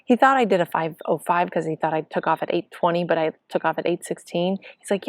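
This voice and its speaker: A middle-aged woman, a triathlon coach, telling the story of her race in an excited, chatty way and acting out what people said. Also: on the low side, fairly quick, no echo, studio quality. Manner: excited, breathless storytelling with acted-out quotes. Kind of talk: casual spoken race report.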